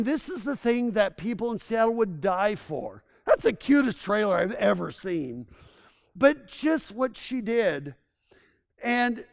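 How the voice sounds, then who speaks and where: A man's voice: high-pitched, gravelly. A man giving a rambling, enthusiastic presentation to a local audience, telling stories with frequent restarts. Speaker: presenter giving a town assessment.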